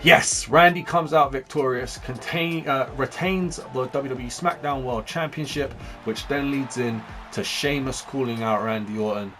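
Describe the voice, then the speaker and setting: An upbeat young man chatting his way through a wrestling management game at a middling pitch, his pace swinging between quick bursts and drawn-out lines. Faint game music plays underneath. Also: sharp tone. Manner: chatty and upbeat, jumping between fast and slow. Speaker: gaming channel host. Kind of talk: casual gameplay commentary.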